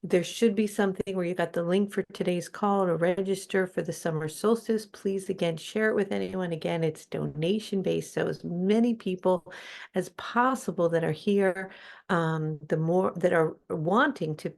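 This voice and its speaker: A woman's voice: on the low side, normal speed, gravelly. Chatty woman telling a story on a call. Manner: chatty and animated, many fillers and quoted dialogue. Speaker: spiritual teacher hosting a call. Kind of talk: casual storytelling on a video call. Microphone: video call.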